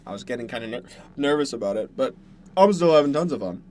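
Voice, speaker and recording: Young canadian guy streaming from his dark bedroom, rambling to chat while eating, faint noise behind. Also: mid-range voice, expressive, fast. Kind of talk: casual chat with viewers.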